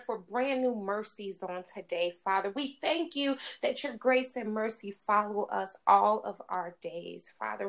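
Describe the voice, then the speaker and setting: Woman praying aloud, fervent, repetitive praise, slightly high voice. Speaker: prayer leader. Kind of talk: spoken prayer.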